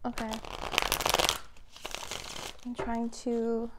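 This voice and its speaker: A young woman with a slightly high voice gives a casual tarot reading straight to camera. She talks in an excitable, rambling way, full of fillers and restarts. Her delivery is chatty and unscripted. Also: slow pace, pauses often, heavy background noise. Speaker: tarot reader.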